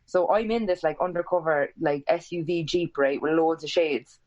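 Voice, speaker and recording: An Irish woman in her twenties, a guest on a podcast, tells a story in casual chat, animated and swearing freely while acting out quoted lines with big leaps in pitch. She speaks at normal speed, and the recording has its highs cut off.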